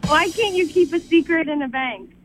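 A woman's voice: very high-pitched, moderate pace, music in the background. A woman calling into a radio show to tell jokes, giggling through them. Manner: giggly, laughs through her own jokes. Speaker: radio caller. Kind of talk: phone-in joke telling. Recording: tinny phone line.

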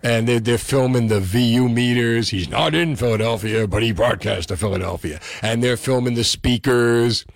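A man's voice: medium pitch, normal speed, gravelly, hardly any pauses, no room sound. A middle-aged man with a New Jersey accent, a radio host telling stories in a casual, chatty way with many fillers.

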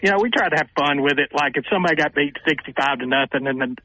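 Forceful older man telling stories. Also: fairly high pitch, rapid-fire, no echo, rough recording. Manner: animated storyteller who acts out quotes with raised voices. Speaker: sportswriter guest. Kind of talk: radio interview storytelling.

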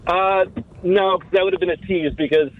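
A man calling into a radio show and telling an anecdote in a relaxed, amused way. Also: high-pitched, moderate pace, noisy background. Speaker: caller. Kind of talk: phone-in call. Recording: tinny phone line.

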